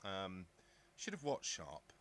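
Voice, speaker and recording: A middle-aged man from southern England hosts a casual live stream, thinking aloud and answering viewers' comments. His voice sits a little low but has a bright, forceful edge. He rambles and muses as he goes. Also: huge pitch swings, slow. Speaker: live stream host reading chat. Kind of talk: casual live-chat talk.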